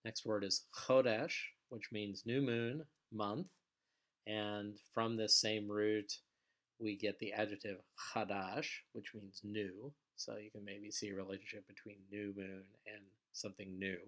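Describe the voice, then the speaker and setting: A man teaching biblical Hebrew vocabulary in a recorded lecture, patient and explanatory, with frequent filler sounds and phrases that trail off quietly. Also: fairly low pitch, flat delivery, measured pace.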